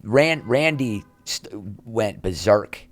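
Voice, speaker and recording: A man's voice: lowish voice, slow pace, no echo, faint music behind. A middle-aged man, an actor, telling candid behind-the-scenes stories as a podcast guest and acting out what others said. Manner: animated, acts out quotes from others. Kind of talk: candid storytelling interview.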